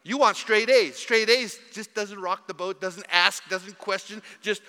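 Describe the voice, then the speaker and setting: A man preaching in a church, his voice high and very bright. He swings from hushed asides to loud, mocking jabs. The sound carries a long reverb from the church hall. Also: a little slow, hardly any pauses. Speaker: pastor. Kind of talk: sermon.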